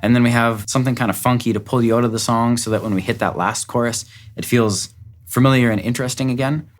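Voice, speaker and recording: A man's voice: mid-range voice, steady tone, fast talker. Upbeat man explaining a song mix. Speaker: music producer and recording engineer. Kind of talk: walkthrough of a song's production. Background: faint music from the track.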